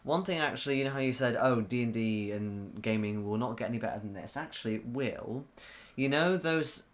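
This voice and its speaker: A man's voice: medium pitch, brisk. A man, co-hosting a casual chat about tabletop games as a game master, rambling and often restarting his sentences. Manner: rambling, self-correcting, reads chat aloud. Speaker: podcast co-host and game master.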